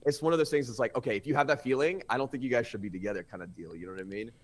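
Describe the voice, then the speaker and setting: A young man telling a personal story on a podcast, animated and often stumbling over his words as he acts out what others said. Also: medium pitch, rapid-fire. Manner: animated, acts out quotes with voices; stammers and restarts often. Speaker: podcast guest. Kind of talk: casual storytelling.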